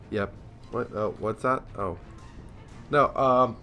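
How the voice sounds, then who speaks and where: A man's voice: mid-range voice, slow pace, pauses often, sharp tone, soft background music. A young man giving casual, rambling commentary over a naval war game, sleepy and yawning, joking at himself. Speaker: gameplay commentator.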